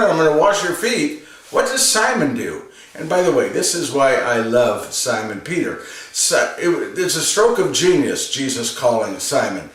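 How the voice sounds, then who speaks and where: A man delivers an earnest homily with a slightly high voice, leaning on repeated phrases to drive his points home. The sound is very echoey, as though he stands some way from the mic in a reverberant room. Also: a bit bright, far from the mic. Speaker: religious reflection presenter.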